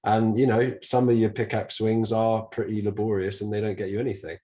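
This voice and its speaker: A man's voice: lowish voice, flat delivery, a little fast, dark tone. A British man co-hosting a casual Bible podcast, talking earnestly with a slight lisp from a mouth ulcer. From Britain. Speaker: podcast co-host.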